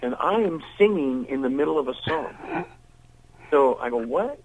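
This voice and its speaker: An older man, a musician and interview guest, telling a long anecdote in a lively way and acting out the voices of the people in it. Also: mid-range voice, normal speed, poor audio. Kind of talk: storytelling in an interview.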